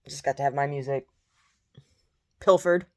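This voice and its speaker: A woman's voice: rumbling low, steady tone, normal speed. A woman in a casual monologue from her bed, blunt and opinionated, with a groggy first-thing-in-the-morning voice. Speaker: vlogger. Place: in bed at home.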